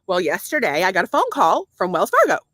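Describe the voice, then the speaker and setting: A woman's voice: lowish voice, brisk, no room sound. A middle-aged woman co-hosting a casual podcast, telling stories with lots of animation. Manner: animated storyteller, slips into mock formal voices. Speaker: podcast co-host. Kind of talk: casual chat.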